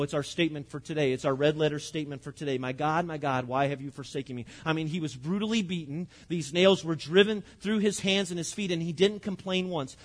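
A man, preaching a sermon in an earnest, conversational way and slowing down to stress scripture. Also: on the high side. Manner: earnest and conversational, with frequent restarts and slowed emphasis on scripture. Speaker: pastor.

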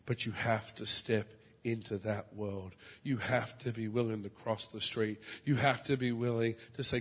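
A male preacher tells a story from the pulpit in an animated way, with his voice jumping up loud and high before falling back to a soft murmur. His voice carries the long, ringing reverb of a large church hall. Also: unhurried, breathy edge. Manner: animated, swings from loud high exclamations to soft low asides. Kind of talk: storytelling sermon.

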